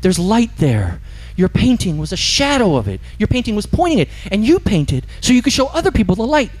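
A man voicing a gentle male spirit from heaven who speaks in a calm, pleading way. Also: high-pitched, fairly quick, voice pushed up, full character voice, poor audio.

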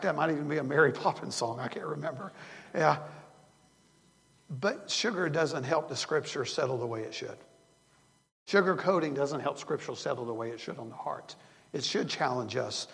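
In a church sanctuary, an older man with a somewhat high, creaky voice preaches a sermon as a pastor. He is earnest and rambling, frequently restarting his sentences, and his voice trails off in a long reverb.

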